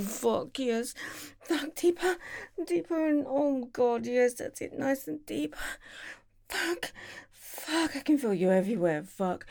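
British woman, intimate audio role-play, high voice, breathy whispers, slow delivery. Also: darkish tone. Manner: breathy, moaning, often dropping to a whisper. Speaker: audio performer.

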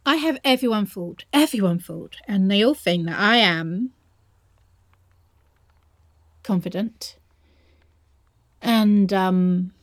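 A woman's voice: mid-range voice, measured pace, no echo, studio quality, lightly acted. A young woman acting a shy, nervous lover in an audio role-play, stammering and hesitating as she speaks to her partner.

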